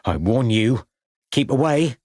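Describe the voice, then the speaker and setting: Dude playing a nasty sneering villain lady, taunting, bit husky. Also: mid-range voice, expressive, unhurried, darkish tone, no room sound, studio quality. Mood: threatening. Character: cruel sneering woman kidnapper, villainous.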